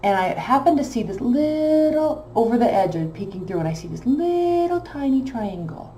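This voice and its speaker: A woman casually telling a long personal story, emotional and animated, with many fillers. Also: a little high, normal speed, echoey room, slight background noise. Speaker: tarot channel host.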